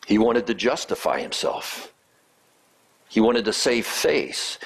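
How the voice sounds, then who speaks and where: A man preaching a sermon and acting out quoted lines in changing tones. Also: fairly low pitch. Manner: acts out quoted lines with shifting tone. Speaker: pastor.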